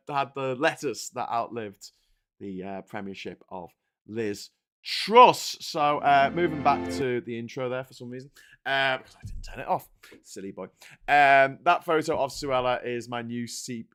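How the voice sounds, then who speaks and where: A man's voice: mid-range voice, a bit bright. A man hosting a casual livestream, talking through the morning papers in a sarcastic, rambling way and laughing easily. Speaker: host.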